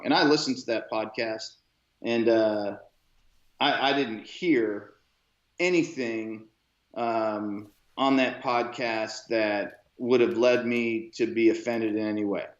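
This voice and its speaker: A man co-hosting a podcast in casual chat, rambling along with many fillers and restarts. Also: mid-range voice. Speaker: podcast co-host. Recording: roomy, dull lo-fi sound.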